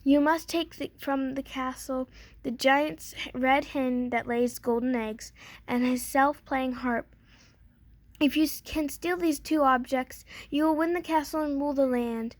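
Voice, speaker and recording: A woman's voice: high-pitched, steady tone, measured pace, no room sound. A woman voicing a mysterious talking bird in a storybook reading, in a chirpy, knowing manner. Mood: urgent.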